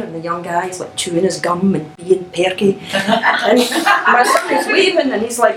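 A middle-aged woman telling a personal story in an animated, laughing, self-mocking way. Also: medium pitch, fairly quick, roomy sound, rough recording.

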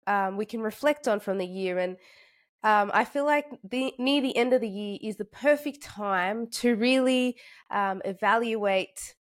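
A woman's voice: mid-range voice, a little slow. Young woman, congested, casual podcast host, chatty with fillers. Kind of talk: casual faith podcast talk.

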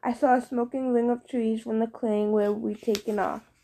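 A woman narrating a first-person audiobook, lively and expressive. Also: a little high, normal speed.

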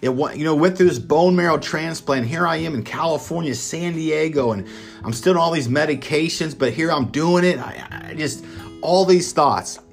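A man's voice: a little high, moderate pace, soft background music. A man from Kansas telling a motivational personal story in an enthusiastic, conversational way, with lots of fillers. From Kansas, United States. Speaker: speaker sharing his story.

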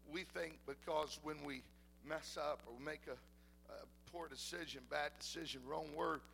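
A high-voiced male pastor with a gravelly edge, preaching a sermon. His tone is bright and forceful, and he swings between ringing declarations and hushed, close talk with the congregation. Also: slight background noise, low-quality recording. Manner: shifts between loud preaching and soft intimate talk.

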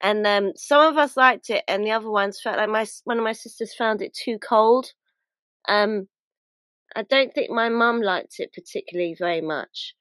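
Woman, podcast co-host, casual rambling film talk, mid pitch, dry. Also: normal speed, fairly bright tone, dry recording. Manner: chatty, rambling, trails off and restarts mid-thought.

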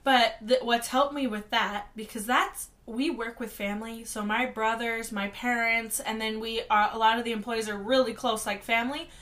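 A woman in her thirties co-hosting a casual chat, lively and expressive, laughing often and acting out what people said. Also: a little high, normal speed, hardly any pauses.

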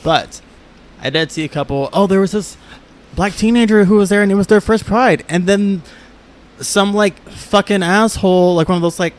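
A man's voice: sits high, normal speed. A man co-hosting a podcast, telling a story in casual chat with many fillers and frequent laughs. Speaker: podcast co-host.

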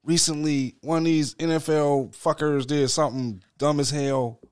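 A man's voice: fairly high pitch, fairly even intonation, moderate pace, smooth, dry recording, studio quality. A man co-hosting a podcast, chatting casually with crude jokes and frequent fits of laughter. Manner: profane, giggly, easily cracks up. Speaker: podcast co-host. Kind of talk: casual comedic chat.

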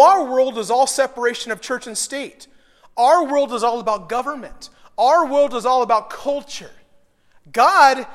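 A middle-aged man pastor preaching a sermon, telling a personal story with emotion that swells to loud, intense peaks. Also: very high voice, in a large hall.

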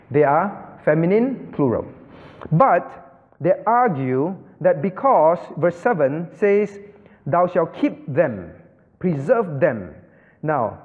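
A man pastor teaching a sermon, explaining step by step and often asking the audience if they follow, with some non-native English phrasing. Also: on the high side. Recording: phone-like band, long hall reverb.

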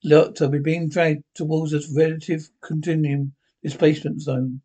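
A man with a husky voice reading the lines of an eccentric male time traveller, naming the character before each line. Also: a little high, little pitch movement, normal speed, warm tone, natural voice. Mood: brisk.

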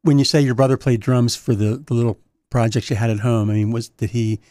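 A male interviewer asks short, plain questions and answers with quick affirmations. His tone is mellow and relaxed, and the recording is dry and close. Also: medium pitch, dry recording. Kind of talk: casual interview.

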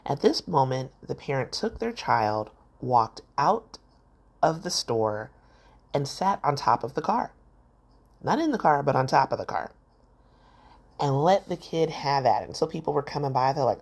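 A woman's voice: extremely low pitch, big pitch swings, normal speed, slightly rough. A middle-aged woman hosting a solo podcast, telling a parenting story and acting out the voices she quotes. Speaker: podcast host.

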